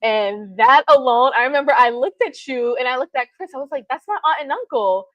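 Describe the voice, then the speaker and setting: Woman, podcast co-host, animated storyteller, slightly high, dry close mic. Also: fairly quick, no room sound, muffled recording. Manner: animated storytelling with frequent laughs. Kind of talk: casual chat.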